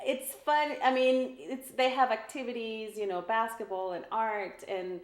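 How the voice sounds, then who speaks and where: A woman's voice: fairly high pitch, steady tone, unhurried. Chatty woman with an El Paso accent. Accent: El Paso Texas. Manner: emotional, laughs often, trailing sentences. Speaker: guest, realtor. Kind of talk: casual interview chat. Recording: echoey room.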